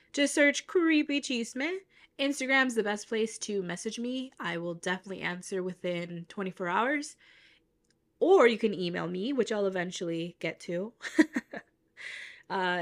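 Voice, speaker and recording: Despite a cold that leaves her nose stuffed up, this young woman keeps her podcast chat cheerful and talkative, frequently laughing at herself. She speaks at a medium pitch.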